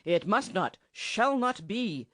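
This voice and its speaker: A woman reading the part of a wicked male enchanter who speaks coldly and gruffly, with sneering contempt. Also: on the low side, sing-song, moderate pace, no echo, studio quality.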